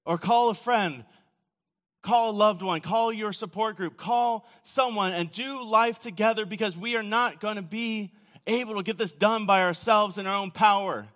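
A man preaching a sermon, telling the story casually with acted quotes, often dropping to a quiet, low voice. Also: moderate pace. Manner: casual storytelling with acted quotes and sudden drops to near-whisper. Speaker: pastor. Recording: long hall reverb.

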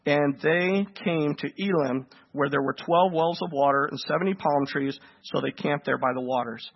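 A man preaching a sermon to a congregation, animated and asking them questions. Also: a little high, moderate pace, gravelly, muffled recording. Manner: animated, asks the congregation questions, acts out voices.

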